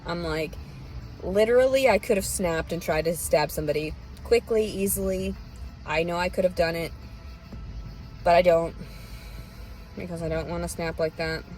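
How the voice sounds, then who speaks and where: A woman's voice: deep voice, a little mellow, poor audio. A woman with a Southern US accent ranting bitterly and profanely in a rambling, unscripted monologue. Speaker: vlogger. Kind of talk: unscripted personal rant.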